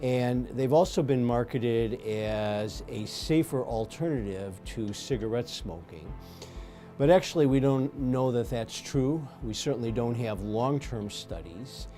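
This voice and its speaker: A man speaking as a pulmonologist in an interview, giving measured explanations with frequent ums and uhs. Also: medium pitch, dark tone, faint music behind. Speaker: pulmonologist guest. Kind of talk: medical interview answers.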